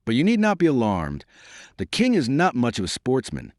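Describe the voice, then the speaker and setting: A man voicing a humble, gossipy royal falconer who speaks low and confiding in an audiobook. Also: wildly swooping pitch, normal speed, darkish tone, no echo, studio quality.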